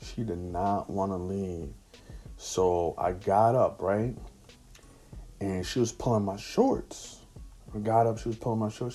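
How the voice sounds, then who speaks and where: A man's voice: fairly low pitch, normal speed, mellow. A man casually telling a personal anecdote in slangy, profane street talk. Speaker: storyteller.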